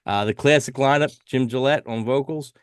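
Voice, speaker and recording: A man's voice: medium pitch, moderate pace, smooth, no room sound, clean studio sound. A man hosting a casual album review panel, chatting loosely and laughing often. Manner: laughs often, relaxed banter. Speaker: podcast host.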